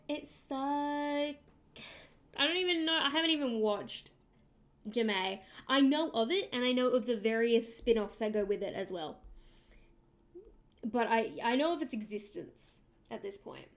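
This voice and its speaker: A woman's voice: fairly high pitch, expressive, a little slow, long pauses. Chatty young Australian woman streaming. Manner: rambling, chatty, reads and answers chat aloud. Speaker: livestreamer. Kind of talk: casual live-stream chat while drawing.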